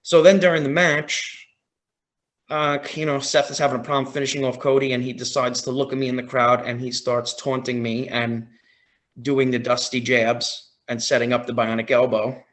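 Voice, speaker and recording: A man on a podcast as a guest, telling a story in a casual, excited way, often quoting his own reactions. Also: mid-range voice, normal speed. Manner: excited, retelling with quoted reactions.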